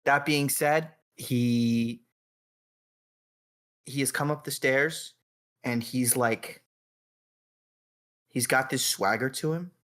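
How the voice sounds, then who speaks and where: A game master narrating a tabletop role-playing game in a measured, descriptive way. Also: medium pitch, fairly bright tone.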